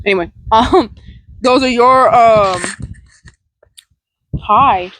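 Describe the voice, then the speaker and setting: A woman's voice: on the high side, drawn-out words, a bit bright, slight background noise, poor audio. A woman vlogging outdoors about setting boundaries, blunt and profane, rambling with restarts. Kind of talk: casual self-help vlog. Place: outdoors near a large tree. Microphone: phone or camera recording herself.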